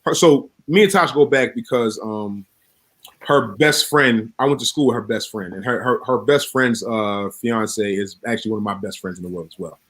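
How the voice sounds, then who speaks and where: A man co-hosting a casual podcast chat, telling stories with laughter and quick restarts. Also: lowish voice, fairly bright tone. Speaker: podcast co-host.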